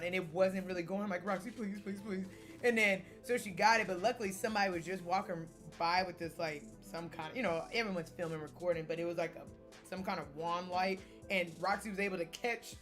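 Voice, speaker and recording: Animated young woman telling a story. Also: mid-range voice. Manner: animated, acts out quotes, laughs often. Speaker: vlogger. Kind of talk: casual storytelling recap.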